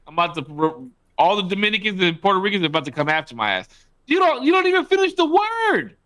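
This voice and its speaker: A young man co-hosting a podcast, chatting in an excitable, animated way with swearing and laughs. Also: sits high, quick pace, clear, resonant tone, dry recording. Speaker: podcast co-host. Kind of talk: casual podcast chat.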